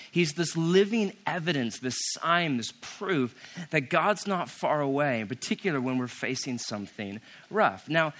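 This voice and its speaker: A man with a slightly higher voice, delivering a sermon to a conference audience. He reads scripture aloud and then explains it in an easy, conversational way, with quick asides to the room. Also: fairly bright tone. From United States. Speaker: pastor.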